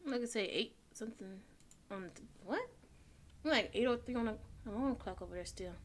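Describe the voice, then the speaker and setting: There's slight background noise as a woman with a slightly high voice, speaking at a moderate pace, does let's play commentary for her gaming channel. She nervously talks to herself while working through a horror game.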